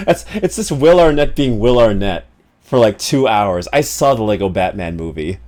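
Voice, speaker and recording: A man's voice: lowish voice, very animated, measured pace, darkish tone. A man streaming a game, chatting casually and joking, rambling with many fillers. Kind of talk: casual live-stream chat.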